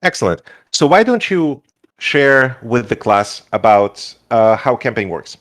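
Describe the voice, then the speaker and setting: A man's voice: medium pitch, big pitch swings, a little slow, fairly bright tone. Laid-back male game master. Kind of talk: narrating a tabletop game.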